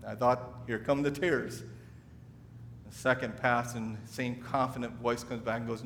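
A man's voice: a little high, normal speed, fairly bright tone, long reverb tail. A man preaching a sermon, telling a story in a conversational way with frequent restarts. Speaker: pastor.

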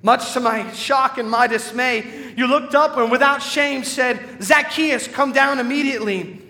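A man reciting as a repentant tax collector in rhythmic verse, his bright voice pitched high. The room echoes with a long hall reverb. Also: measured pace, exaggerated voice. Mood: earnest. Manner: emphatic rhythmic poetic recitation. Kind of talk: dramatic poem recital.

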